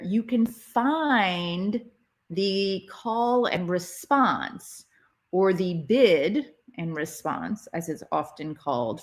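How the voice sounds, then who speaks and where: Lively, unhurried woman teaching relationships. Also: medium pitch. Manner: expressive, chatty teacher answering viewers. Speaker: relationship educator. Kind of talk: live interactive workshop session.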